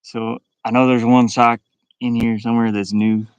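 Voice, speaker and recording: A man's voice: medium pitch, flat delivery, moderate pace, clear, resonant tone, no room sound. A young man chatting casually to his live-stream viewers from inside his van, rambling, laughing often and restarting his words.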